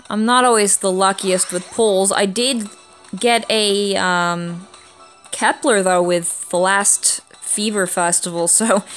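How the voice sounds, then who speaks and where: This is a young woman sounding congested and stuffy from a cold, chatting casually on her gaming channel. She explains how the game works in a relaxed, friendly way, at a mid-range pitch for a woman. Faint music plays quietly in the background. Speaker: YouTube gaming channel host. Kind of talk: casual gacha-game commentary.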